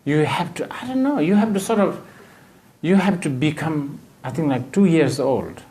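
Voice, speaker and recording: A man with a Bhutanese accent giving a Buddhist dharma teaching, with halting, hesitant phrasing and many fillers. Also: a little high, lively intonation, warm tone.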